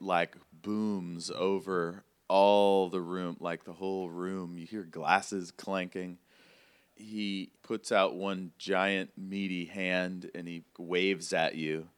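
A man running a tabletop role-play as game master, telling the scene in a relaxed, conversational way with plenty of fillers. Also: low voice, clean tone, no echo.

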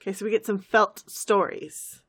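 Chatty woman co-hosting a podcast, giggly lively retelling of a cartoon, average pitched voice. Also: normal speed, breathy edge. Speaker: podcast co-host. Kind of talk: casual chat, recapping a cartoon episode.

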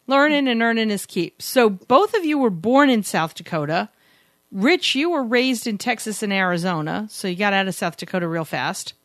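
A woman's voice: mid-range voice, animated, moderate pace, a bit bright, no echo, clean studio sound. A woman co-hosting a podcast, chatting casually and teasing her co-host, often rambling and contradicting him. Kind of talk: casual banter and interview.

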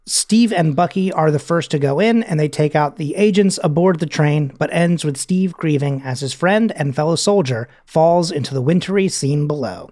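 A man's voice: on the high side, moderate pace, few pauses, a little mellow. Chatty man recapping a movie scene. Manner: chatty, reads scene quotes aloud with asides. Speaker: podcast host.

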